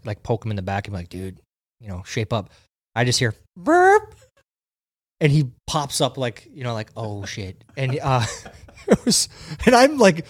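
A man's voice: medium pitch, no room sound. Young man, podcast host, casual storytelling, laughs a lot, dry close sound. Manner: laughs often while telling stories, swears casually.

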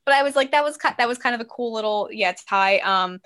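Bright chatty woman cohosting a podcast, acts out lines w big pitch jumps, swears a lot. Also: fast talker, smooth. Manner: swears freely. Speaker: podcast co-host. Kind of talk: casual chat.

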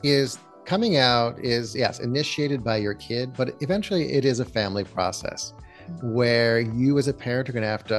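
A man, a therapist, calmly explaining parenting advice as a guest in an interview, posing reflective questions. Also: mid-range voice. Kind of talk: conversational advice in a podcast interview.

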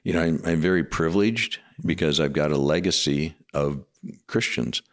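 A middle-aged man from Washington state, a pastor, telling his life story in a podcast interview in a reflective, steady way with frequent pauses. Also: extremely low pitch. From Washington state, USA. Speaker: executive pastor, guest.

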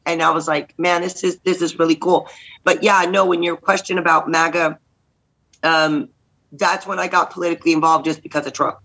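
A middle-aged woman from Texas, a guest candidate telling lively stories in a podcast interview and acting out the voices in them. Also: on the low side, breathy edge, rough recording. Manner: lively, acts out voices in anecdotes. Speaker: guest, state senate candidate. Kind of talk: animated storytelling in a podcast interview.

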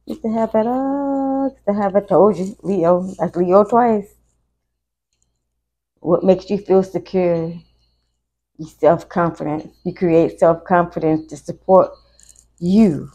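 Slow gravelly woman reading tarot live. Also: lowish voice, steady tone, warm tone, low-quality recording. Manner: slow, gravelly, chatty, emotional. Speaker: tarot reader.

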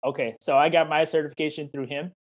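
Fast-talking and steady, with a voice on the high side, this man is a certified life coach being interviewed over video call. His answers are warm and encouraging, casual in tone, and full of questions and acted-out quoted dialogue.

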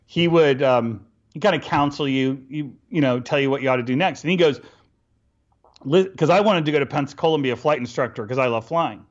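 A middle-aged man telling stories casually as an interview guest, animated and acting out bits of dialogue with laughs. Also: mid-range voice, a little fast. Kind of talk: casual storytelling. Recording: dull lo-fi recording.

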